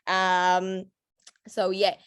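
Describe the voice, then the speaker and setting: A woman with a mid-range, clean-toned voice speaks in a monotone at an extremely slow pace, with no echo. She is a network marketing trainer giving her team a casual, upbeat talk, chatty and laughing often, with many fillers and restarts.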